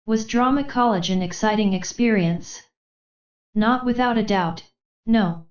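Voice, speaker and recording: A woman's voice: mid-range voice, a little slow. Synthetic woman's voice reading an article. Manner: steady, mechanical read-through of questions and answers alike. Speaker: text-to-speech reader. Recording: roomy, slightly dull sound.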